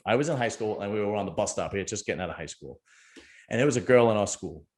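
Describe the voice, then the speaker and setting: A man's voice: lowish voice, animated, fast talker, a little mellow. A middle-aged man, hosting a casual chat and telling a rambling, joking story. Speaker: podcast host.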